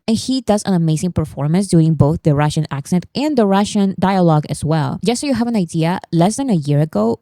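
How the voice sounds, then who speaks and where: Young woman vlogger, low mellow voice, chatty and emphatic, dry close audio. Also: no room sound. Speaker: vlog host. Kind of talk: casual pop-culture commentary. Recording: dry, no pop filter.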